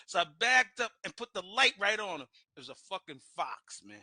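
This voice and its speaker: A man from Brooklyn, telling a rowdy story with laughs and shouted asides. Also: high voice, sing-song, brisk, slightly rough, no echo. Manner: loud, laughing, acts out voices, swears freely. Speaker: guest storyteller. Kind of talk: animated storytelling.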